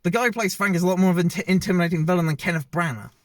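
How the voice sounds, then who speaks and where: A man's voice: sits high, racing, dry recording. A man giving a casual, rambling movie review with many fillers and restarts. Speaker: film reviewer.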